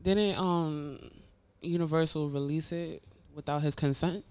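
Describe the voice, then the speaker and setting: A woman co-hosting a casual podcast, expressive and giggly, with a potty mouth. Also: sits low, measured pace, clear, resonant tone. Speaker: podcast co-host.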